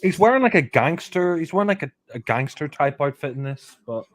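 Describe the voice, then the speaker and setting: A man's voice: a little high, very animated, brisk, no room sound. Blunt man, dry close mic. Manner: blunt, offhand, restarts often. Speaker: film commentator. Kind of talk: casual commentary chat.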